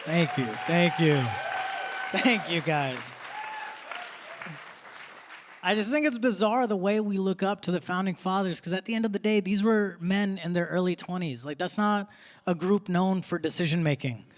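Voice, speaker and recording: Young male stand-up, high pitched, punchy and chatty, live theater crowd faintly behind. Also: brisk, big-room sound, slight background noise. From grew up in Texas. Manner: punchy, conversational delivery with crowd asides. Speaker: stand-up comedian. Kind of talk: stand-up set. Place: theater stage before a live audience. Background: audience laughter.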